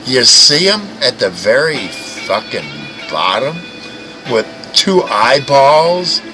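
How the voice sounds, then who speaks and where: Crude, ranting man with a lively voice. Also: mid-range voice, slow pace, low-quality recording. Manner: mocking, crude, swears constantly, stammering restarts. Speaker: livestream host. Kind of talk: profane ranting livestream chat. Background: music playing.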